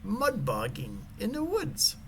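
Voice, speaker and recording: A man's voice: high voice, huge pitch swings, slow, noisy background, pitched above the performer's own voice, heavily acted. A man playing a blunt, teasing tow truck driver. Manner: teasing and disbelieving.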